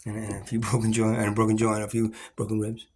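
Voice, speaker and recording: A man's voice: lowish voice, monotone, fast, darkish tone. A man ranting in an agitated, rambling, profane monologue to camera, full of restarts.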